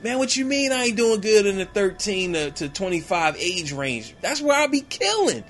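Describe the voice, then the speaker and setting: A man's voice: high-pitched, sing-song, normal speed, fairly bright tone, soft background music, pitched above the performer's own voice. A man voicing a brash male horror-movie killer who complains indignantly in street slang.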